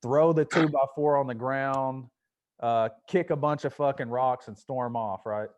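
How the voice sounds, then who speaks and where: A man hosting a casual podcast, telling personal stories in an easy, unhurried way. He swears often without heat, and his voice sits at an ordinary middle pitch for a man. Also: steady tone, darkish tone, muffled recording. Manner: laid-back storytelling with frequent swearing. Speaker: podcast host.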